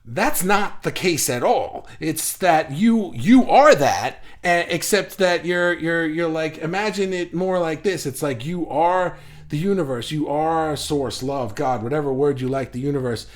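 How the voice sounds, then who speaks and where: A man's voice: fairly high pitch, measured pace. A man hosting a live stream, reading viewers' comments aloud and riffing on them in a rambling, self-mocking way. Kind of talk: casual live-stream chat.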